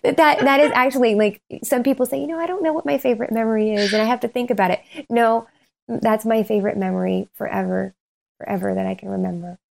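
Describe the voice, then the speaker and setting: This podcast co-host talks quickly in a mid-range voice that's gravelly yet a little mellow. Her casual, heartfelt conversation wanders, with fillers and restarts, and she's teary, breaking into sobs at moments.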